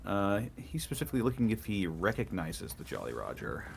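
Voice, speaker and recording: A man playing a tabletop game, halting and stumbling over his words. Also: lowish voice, huge pitch swings, creaky, a little hiss or hum. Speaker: player.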